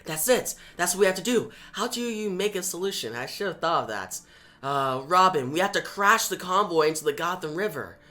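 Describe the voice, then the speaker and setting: A man voicing a smart young woman hacker, talking quickly and hushed. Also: high-pitched, lively intonation. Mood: urgent.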